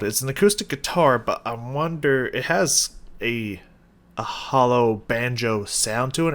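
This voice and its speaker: A man's voice: medium pitch, vocal fry, fairly bright tone. A man hosting a music reaction video, talking loosely with lots of fillers, laughs and casual swearing. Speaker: music reaction channel host.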